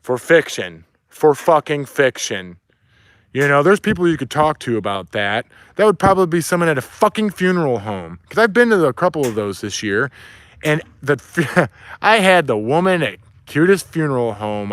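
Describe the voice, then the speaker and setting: A man's voice: medium pitch, expressive, normal speed, a bit bright, clear, resonant tone, no room sound. A man delivering an angry, profane, preachy rant outdoors. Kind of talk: ranting monologue. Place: outdoors near woods, with dog.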